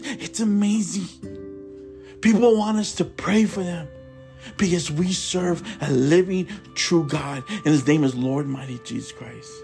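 High-voiced guy doing a religious podcast, earnest, repeats himself a lot, soft music behind. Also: creaky. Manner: earnest and fervent, repeats himself, calls listeners brothers and sisters. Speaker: podcast host. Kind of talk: informal religious podcast monologue.

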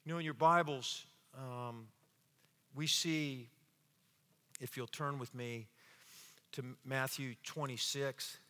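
A man preaching a sermon as pastor, swinging between loud, fiery exclamations and hushed, slow passages, often repeating words and acting out quotes. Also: medium pitch. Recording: long hall reverb.

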